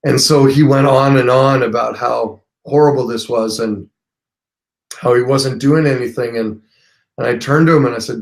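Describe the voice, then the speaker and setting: A man's voice: medium pitch, steady tone, moderate pace. A man hosting a live call-in stream, casually retelling a story and acting out both sides of the conversation. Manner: conversational, retells dialogue with emphasis. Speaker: host of a live call-in show.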